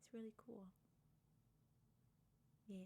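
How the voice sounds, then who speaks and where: A woman co-hosting a casual podcast chat, telling animated stories, swearing when annoyed and laughing often. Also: slow. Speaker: podcast co-host.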